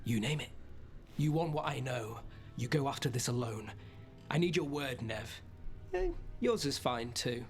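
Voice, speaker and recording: A man's voice: mid-range voice, animated, measured pace. Blunt streetwise gang guy, no-nonsense, faint game music behind.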